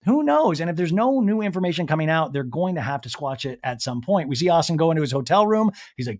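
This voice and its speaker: A young man hosting a podcast, recapping reality TV in casual chat, animated and quick to quote people. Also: on the high side.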